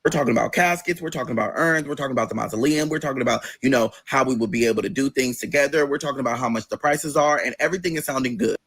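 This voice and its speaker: A man telling a personal story in a casual vlog, animated and profane, acting out the other people's voices. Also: medium pitch, very fast, hardly any pauses, breathy edge. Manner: animated, swears often, acts out voices. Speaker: vlogger.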